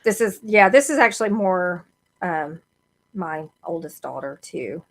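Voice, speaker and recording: Woman, middle-aged, co-host, casual chat, thoughtful, explanatory, halting with fillers. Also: on the low side, animated. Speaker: podcast co-host.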